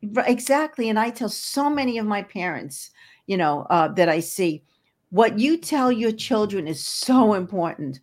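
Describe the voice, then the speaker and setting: A woman's voice: mid-range voice, animated, moderate pace, darkish tone. An older woman guest, an energy healer, talking earnestly in an interview and often repeating words as she searches for them. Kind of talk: casual interview talk.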